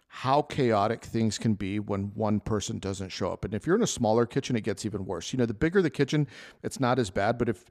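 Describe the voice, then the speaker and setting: Hosting a casual solo podcast, a chef with a medium-pitched, slightly mellow voice tells restaurant kitchen stories. His monologue is loose and rambling, full of restarts and laughs.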